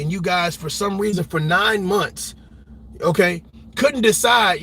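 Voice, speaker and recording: A man delivers a heated reaction rant in a fairly high, husky voice. He hammers his points with repeated words and blunt swearing. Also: moderate pace, a bit bright. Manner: impassioned and emphatic, repeats words, swears freely. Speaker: reaction commentator. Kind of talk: ranting commentary.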